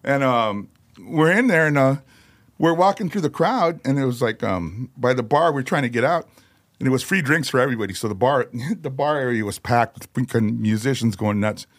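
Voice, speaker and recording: Animated storyteller, a man. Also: medium pitch, moderate pace. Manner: animated, laughing, acts out others' voices, swears freely. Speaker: metal vocalist, podcast guest. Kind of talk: casual storytelling chat. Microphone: podcast studio mic.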